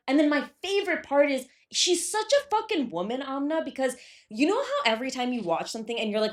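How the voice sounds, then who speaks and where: A young woman co-hosting a casual podcast, excitable and swearing freely as she recaps stories. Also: sits high, fast. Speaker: podcast co-host. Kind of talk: casual chat.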